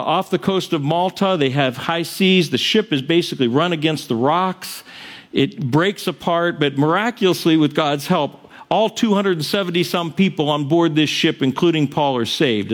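A male pastor preaching a sermon, retelling a story in a casual, conversational way with frequent asides. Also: on the high side.

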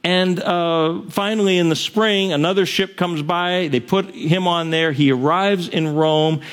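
Male pastor, sermon, conversational storyteller with a fairly high voice. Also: unhurried, a bit bright.

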